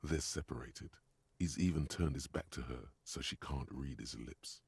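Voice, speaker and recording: A man voicing the inner voice of a game hero's mind, speaking in measured second-person advice and warnings. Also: very deep voice, vocal fry, darkish tone, slightly rough, no echo, clean studio sound, heavily acted. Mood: ominous advising.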